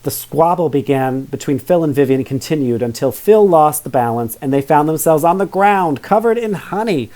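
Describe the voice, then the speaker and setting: A man's voice: on the high side, expressive, moderate pace, few pauses, mellow. A man reading a children's story aloud, adding chatty asides and questions to young listeners. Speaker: storybook reader.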